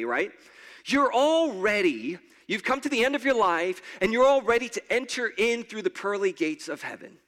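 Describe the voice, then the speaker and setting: A man's voice: very high-pitched, pushed and bright. A man pastor preaching a sermon in a church in a conversational way, often stammering and repeating his words. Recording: long hall reverb.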